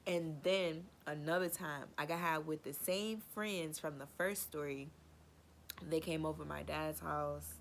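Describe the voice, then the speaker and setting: A woman vlogger telling a funny personal story in casual, animated slang, swearing freely and acting out what people said. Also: low voice, unhurried, gravelly, slight background noise.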